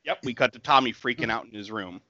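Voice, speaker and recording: A podcast co-host in his thirties casually recaps a film scene by scene, laughing and acting out the characters' lines. His mid-range voice is quick, bright and forceful, and the sound is lo-fi.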